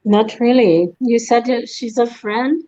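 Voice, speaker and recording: A woman's voice: fairly high pitch, a little slow, warm tone, dull audio. A woman on a video call, answering in brief, tentative replies. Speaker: sitter receiving a reading.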